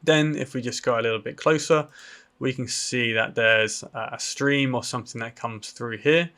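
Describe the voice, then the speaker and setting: A man's voice: medium pitch, moderate pace, fairly bright tone. A man from the UK hosting a property education channel, casually walking viewers through a land listing on screen. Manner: casual, explanatory, with fillers. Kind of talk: screen-share walkthrough.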